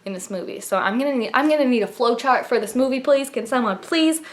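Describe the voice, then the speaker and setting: A woman's voice: fairly high pitch, quick pace. Gushing, chatty young woman vlogger. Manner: chatty and gushing, many fillers and laughs. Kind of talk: casual trailer reaction vlog.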